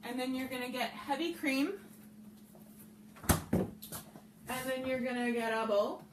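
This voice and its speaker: A woman's voice: a little high, distant mic. Woman, middle-aged, live home cooking chat, scattered and talkative, echoey kitchen, background noise. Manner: chatty and scattered, talks while cooking. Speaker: home cook hosting a live cooking stream. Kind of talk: casual live cooking chat reading viewer comments.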